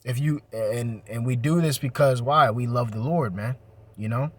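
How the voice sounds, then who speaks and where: A man's voice: medium pitch, normal speed, no room sound. Casting: easygoing male bible teacher, chatty and informal, close dry sound. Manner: loose, conversational, peppered with "man" and "you know". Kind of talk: casual scripture teaching.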